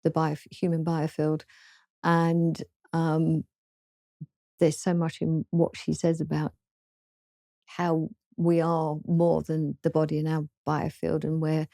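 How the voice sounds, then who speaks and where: A woman from southern England with a southern English accent, a guest author in an interview, speaking hesitantly with many pauses and restarts. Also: low-pitched, monotone, gravelly, warm tone, dry recording, studio quality. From southern England, London. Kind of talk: casual interview chat.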